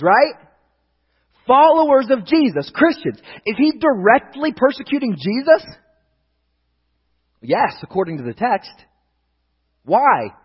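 A male pastor with a high, husky voice preaches with emphasis. He slows and swells on key lines, then sinks low and soft for asides. The recording is dull and lo-fi, with long reverb. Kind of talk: sermon.

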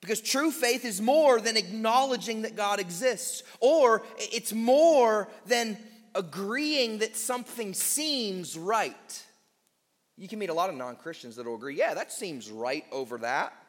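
A man preaching a sermon to his church, emphatic and deliberate, slowing on key words with quick asides. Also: sits high, expressive, in a large hall. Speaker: pastor.

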